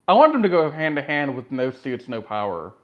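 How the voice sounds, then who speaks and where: A man co-hosting a casual podcast, talking in an animated, emphatic way. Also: mid-range voice, fairly quick. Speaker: podcast co-host. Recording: dull lo-fi audio.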